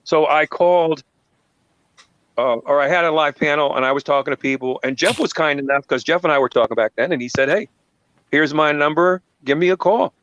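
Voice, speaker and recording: A man's voice: on the high side, brisk, fairly bright tone, clean tone. Earnest man hosting a live panel. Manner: earnest, storytelling. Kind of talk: casual chat. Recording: dull, dry sound.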